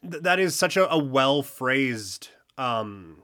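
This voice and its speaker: A man's voice: medium pitch, very animated, takes it slowly, bright, forceful tone. A man with a Boston accent, tinged with Texas, co-hosting a casual history chat and reading from notes with easy laughs. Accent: Boston with a touch of Texas. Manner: laid-back, chuckling, hesitant restarts. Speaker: podcast co-host.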